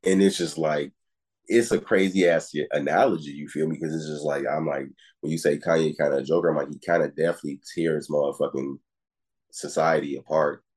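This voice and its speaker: Podcast co-host, man, very low and husky voice, loose rambling chat. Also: fairly even intonation, fairly quick, darkish tone. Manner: rambling, repeats "it's just like" and "you feel me". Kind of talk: casual chat.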